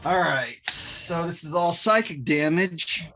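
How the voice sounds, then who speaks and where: A man playing in a tabletop game, excited and boastful about his rolls, swearing casually. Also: fairly high pitch, takes it slowly, faint music behind. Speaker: player.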